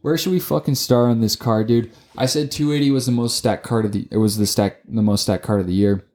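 A man co-hosting a casual sports podcast, talking excitably, swearing often and tripping over his words. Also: mid-range voice, brisk. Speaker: podcast co-host.

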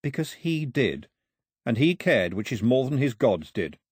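A stubborn island boy who speaks bluntly and angrily challenges the gods, as a man reading a storybook puts him on. The voice is husky and lively in pitch. It is recorded dry and close. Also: a little slow, no echo. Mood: defiant. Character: island boy, lone survivor, stubborn and defiant.

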